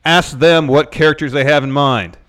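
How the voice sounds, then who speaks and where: A man's voice: a little high, fairly even intonation, moderate pace, a bit bright. A man co-hosting a casual wrestling podcast, talking in a wry, sarcastic way. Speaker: podcast co-host.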